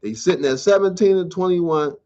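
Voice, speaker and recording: A man hosting his own sports talk show, ranting in loose slang and swearing freely about his team. His voice sits a little high for a man. The recording is dull and low-fi. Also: fairly quick, mellow, a little hiss or hum. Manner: blunt, profane, ranting, conversational slang. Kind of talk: solo sports rant show. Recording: dull lo-fi sound.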